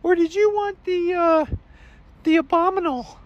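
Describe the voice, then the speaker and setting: A man's voice: very high voice, steady tone, a little slow, no echo, lo-fi sound, pitched above the performer's own voice. A man voicing an eager, overly polite male shop clerk who keeps calling the customer sir.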